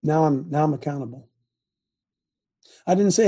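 A man's voice: a little high, expressive, moderate pace, pauses often, dark tone, breathy edge. An older man hosting a talk show, preaching in a folksy, emphatic way and repeating his points, recorded in a small home studio. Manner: folksy, emphatic, repeats phrases, quotes scripture. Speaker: host.

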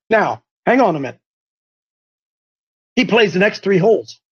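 Husky high-voiced man telling a story. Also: moderate pace, long pauses, lo-fi sound. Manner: animated, stumbling, repetitive storyteller. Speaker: host. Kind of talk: faith talk show storytelling.

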